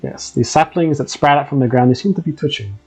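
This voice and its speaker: A man's voice: medium pitch, fairly quick, darkish tone, husky, soft background music, low-quality recording. A man running a live tabletop game, narrating scenes hesitantly with many ums and restarts. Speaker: game master.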